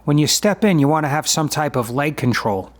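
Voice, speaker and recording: Man in his fifties giving calm commentary. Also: fairly high pitch, brisk. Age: 50s. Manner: matter-of-fact, explanatory, conversational. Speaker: jiu-jitsu practitioner narrating his own sparring footage. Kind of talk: voice-over commentary on a sparring video.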